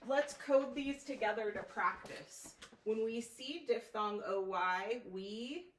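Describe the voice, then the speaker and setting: Female tutor, unhurried clear phonics drilling, recorded from across a roomy space. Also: on the high side. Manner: patient, clear instructional prompting. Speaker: reading teacher. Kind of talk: one-on-one phonics lesson. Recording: roomy, distant mic with faint noise.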